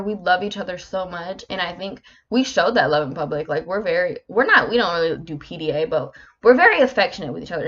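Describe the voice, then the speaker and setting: A woman's voice: medium pitch, fairly bright tone. A woman in her twenties hosting a casual solo podcast, talking candidly, animatedly and swearing constantly. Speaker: podcast host. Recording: slightly muffled lo-fi recording.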